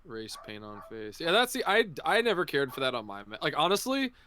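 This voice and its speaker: A man's voice: fairly high pitch, huge pitch swings, fairly quick, sharp tone, smooth. A man riffing casually as a guest on a game stream, laid-back, rambling and a bit profane. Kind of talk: casual gameplay chat.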